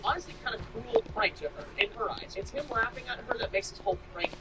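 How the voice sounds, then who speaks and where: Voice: medium pitch, fast, very noisy. A streamer in casual, profane commentary, reading posts aloud and chatting with viewers. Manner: animated and profane, lots of filler "like". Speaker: streamer reacting to online posts with chat.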